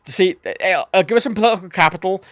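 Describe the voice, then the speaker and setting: A man's voice: high voice, fast talker, no room sound. A man from Ireland with an Irish accent, chatting casually and swearing freely while commenting on a game he plays on stream. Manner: animated, sweary, rambling. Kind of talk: casual livestream gameplay commentary.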